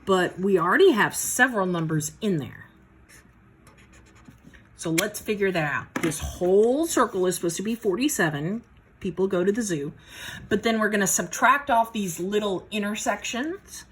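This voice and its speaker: In a casual worked-problem lesson, a woman with a medium-pitched, expressive voice walks herself through each step at a moderate pace. Her folksy math teaching comes across a little out of breath.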